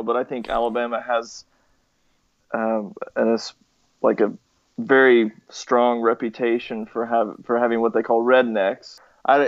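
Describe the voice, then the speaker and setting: A young man from the southeastern United States, chatting casually and hesitantly with lots of fillers. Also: medium pitch. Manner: hesitant, many fillers and restarts, chuckles often. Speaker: interviewee, nurse. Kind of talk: casual chat. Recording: slightly muffled lo-fi recording.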